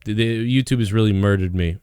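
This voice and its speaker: Male stream host, low-ish smooth voice, rambling casual delivery, dry sound. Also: fairly quick, darkish tone, no echo. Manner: rambling, laughs often, repeats himself. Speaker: host of a live call-in show. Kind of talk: casual live-stream chat.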